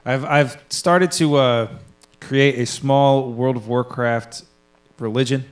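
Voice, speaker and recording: A man's voice: medium pitch, fairly even intonation, slow pace. A young man in his twenties co-hosting a podcast, rambling through gaming stories with casual swearing and acted-out quotes. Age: 20s. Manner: rambling storyteller, swears freely, acts out quoted people. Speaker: podcast co-host. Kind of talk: casual chat.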